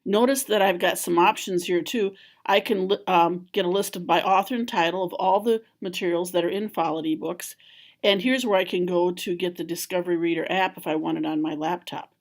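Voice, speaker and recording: A woman calmly walking through a software tutorial step by step, as a school library trainer. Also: fairly low pitch, fairly quick. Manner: calm, step-by-step explaining. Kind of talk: screen-recorded software tutorial.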